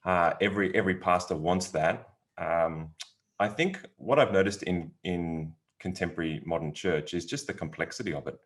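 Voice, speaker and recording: A man's voice: deep voice, moderate pace. A man with an Australian accent, a pastor and podcast guest, speaking earnestly and with passion in a casual interview.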